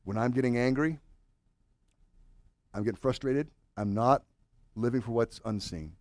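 A married man preaching a sermon to his congregation, swinging from loud urging to hushed, earnest questions. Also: medium pitch, a little slow, no room sound, studio quality. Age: adult, married with children. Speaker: pastor.

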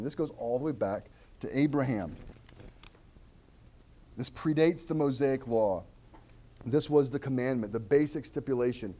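A man delivers a sermon to his congregation in a fairly high, lively voice that swings widely in pitch. He talks animatedly, repeating words and restarting phrases as he explains the text. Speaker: pastor.

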